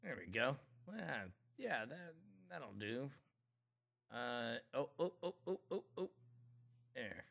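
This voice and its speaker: A man co-hosting a podcast, muttering slowly while distracted by his computer. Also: medium pitch, sing-song, vocal fry, a bit bright. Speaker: podcast co-host. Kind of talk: casual podcast banter.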